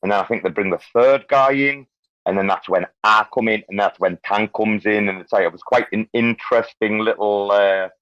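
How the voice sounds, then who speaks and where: Man, low voice, dry muffled online audio, rambling, swears a lot. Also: moderate pace, no echo. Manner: swears freely, rambling and blunt. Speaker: host. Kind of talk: casual crypto chat on a live audio stage.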